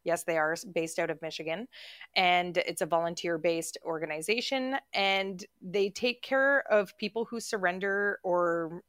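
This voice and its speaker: A woman's voice: lowish voice, normal speed, a bit bright, no echo, clean studio sound. A woman in her forties co-hosting a podcast, chatting casually and telling stories with lots of "like" fillers and frequent laughter. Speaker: podcast co-host. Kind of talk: casual storytelling chat.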